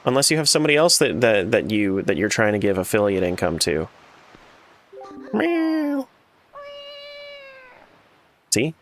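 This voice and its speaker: A man's voice: fairly low pitch, quick pace, hardly any pauses, slight background noise. A man streaming a randomizer game, chatting casually and joking with his chat as he plays. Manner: joking, animated, talks back to chat.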